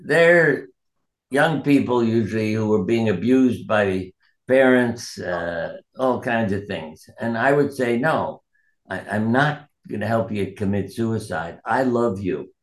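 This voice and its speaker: Earnest man telling stories in an interview, lowish voice, kinda echoey room. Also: expressive, slow. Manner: earnest, anecdotal, quotes people in his stories. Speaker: doctor and author, guest. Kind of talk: reflective interview storytelling.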